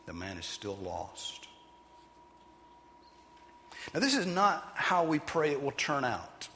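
A man preaching a sermon as pastor, animated and emphatic, sometimes putting on loud voices for the people he quotes. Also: fairly low pitch, in a large hall, a little hiss or hum.

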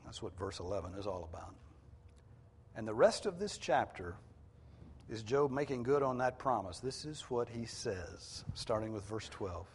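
A man's voice: lowish voice, lively intonation, moderate pace, slight background noise. A male pastor preaching a sermon to his congregation in a conversational way, explaining scripture in plain everyday words. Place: church hall with a congregation. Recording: long reverb of a large hall.

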